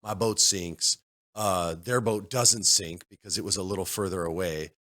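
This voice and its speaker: Male podcast co-host, low and bright, animated storyteller who mimics people loudly. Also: normal speed. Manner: animated, acts out other players' voices in loud bursts. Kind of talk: casual storytelling chat. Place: studio.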